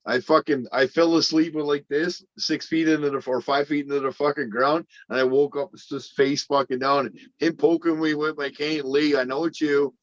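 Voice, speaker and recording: A man rambles through a story with blunt, profane energy, his voice sitting slightly high. The audio is dull and dry, like a stream call. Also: flat delivery, normal speed, few pauses, no echo. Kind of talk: casual livestream chat.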